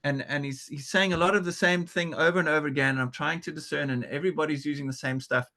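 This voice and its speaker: A man's voice: fairly high pitch, fairly even intonation, fast, bright, forceful tone. A man from South Africa, a podcast guest, telling a story in an earnest, restless way full of restarts and repeated words. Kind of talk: conversational storytelling.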